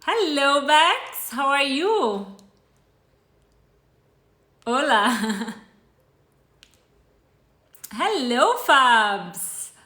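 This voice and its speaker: A woman's voice: high voice, sing-song, extremely slow, pauses often, sharp tone, roomy sound. A woman with a Brazilian accent hosting a live cooking stream, chatting casually and greeting viewers by name. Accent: Brazilian Portuguese. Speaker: cooking show host.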